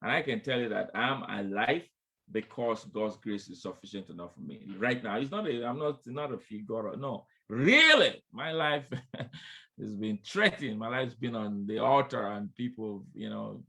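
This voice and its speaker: A man's voice: on the low side, moderate pace, vocal fry, pushed and bright, breathy edge. A man preaching a sermon, speaking straight to his listeners as friends, repeating refrains and urging them on. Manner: emphatic, repeats refrains, calls out "come on, somebody"; addresses listeners directly as friends.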